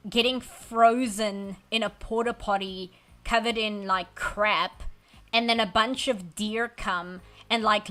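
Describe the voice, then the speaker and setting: A woman's voice: mid-range voice, a bit bright. A woman chatting casually while drawing on a live stream, rambling wryly and poking fun at herself. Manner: chatty, wry, self-deprecating rambling; reads and answers chat messages. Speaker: art streamer. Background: faint background music.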